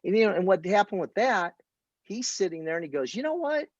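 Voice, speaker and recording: This man, whose voice sits high and moves briskly, trains people informally on presenting a business opportunity. He relies on storytelling and quoted conversations, and the lo-fi recording has no room sound.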